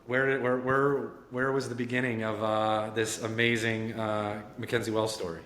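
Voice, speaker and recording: A man hosting an interview, asking his questions haltingly with many restarts. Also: on the low side, level tone, a bit bright. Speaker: podcast host. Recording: echoey room with long reverb.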